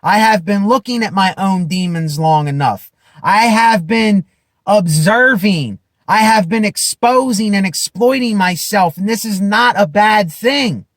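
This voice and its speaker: A man giving an impassioned self-help monologue to camera, emphatic and repetitive, building at times to loud declarations. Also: sits high, no echo, clean studio sound. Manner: slow, emphatic, repeats phrases, rises to shouting declarations. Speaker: vlogger.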